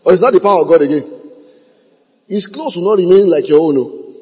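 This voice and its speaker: A man preaching a sermon at a meeting, emphatic, repeating key phrases and drawing words out slowly. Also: high-pitched, lively intonation, a little mellow, slightly rough. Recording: long reverb of a large hall.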